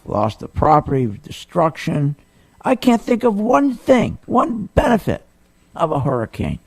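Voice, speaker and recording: Ranting gravelly radio host man. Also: a little high. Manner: indignant, incredulous ranting with rhetorical questions. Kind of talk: animated talk radio monologue.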